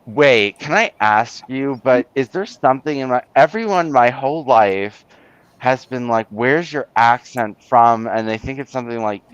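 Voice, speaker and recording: Blunt man with a smooth New York voice. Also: medium pitch, lively intonation, no echo, lo-fi sound. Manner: blunt, argumentative, quick to push back. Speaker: host of a live stream. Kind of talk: casual chat.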